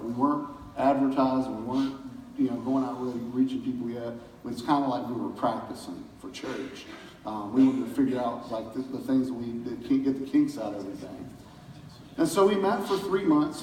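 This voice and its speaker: A pastor giving a casual church talk, telling folksy stories with chuckles in a community center hall. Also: male voice, medium pitch, warm tone, a little hiss or hum. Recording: roomy hall from far off.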